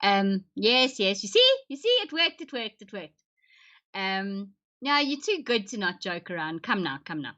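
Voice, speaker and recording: A woman's voice: mid-range voice, sing-song, measured pace, pushed and bright. A woman chatting casually with viewers on her livestream, joking and laughing often. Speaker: livestream host. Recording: dull lo-fi stream audio.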